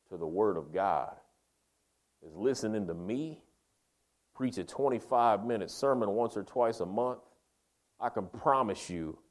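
A man preaching a sermon, folksy and emphatic, calling his listeners "man" and "baby", swinging between loud emphasis and quiet, slow lines. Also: fairly low pitch.

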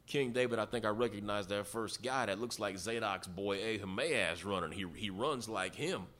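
A man's voice: on the low side, moderate pace, fairly bright tone, natural voice. A man voicing a watchman on a city wall who calls out news of runners to the king. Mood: calling out.

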